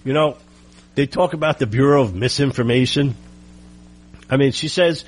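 A man delivering a combative, sarcastic political monologue full of rhetorical questions, with a husky voice. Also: medium pitch, normal speed. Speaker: political commentator.

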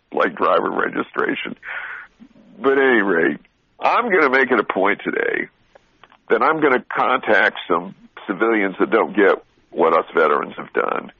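A veteran talk show guest with a husky, middle-pitched voice gives a casual motivational radio talk, blunt and direct, with frequent laughs and restarts as he tells an animated story. The dry recording sounds slightly dull, like a radio broadcast.

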